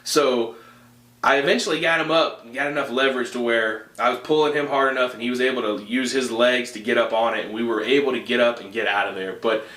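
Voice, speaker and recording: A young man hosts a podcast and tells a story in a loose, animated way, often laughing and filling pauses with "uh" and "like." His voice sits at a medium pitch. The room has a noticeable echo. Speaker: podcast host. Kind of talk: casual storytelling.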